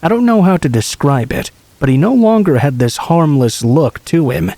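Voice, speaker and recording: A man calmly reading true scary stories aloud as a steady, scripted horror narration. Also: a little high, normal speed, creaky, dry recording.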